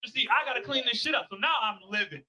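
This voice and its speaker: A man's voice: very high voice, lively intonation, fast talker, bright, forceful tone. A man hosting a live show, telling a profane comic story and acting out both sides of an argument. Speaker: show host. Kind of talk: comedic storytelling. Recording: noisy live stream.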